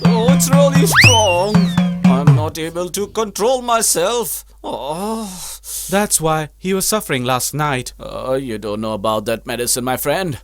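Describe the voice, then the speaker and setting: A man dubbing the role of an excitable young man with a comic manner in a film. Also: a little high, unhurried, faint music behind. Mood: excited. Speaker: dubbing actor. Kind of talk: dubbed film dialogue.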